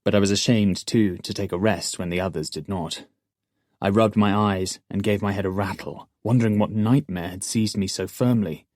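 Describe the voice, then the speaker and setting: A man narrating a fantasy audiobook in the first person, in a measured storytelling manner. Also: on the low side, fairly even intonation, a little mellow, dry recording, studio quality.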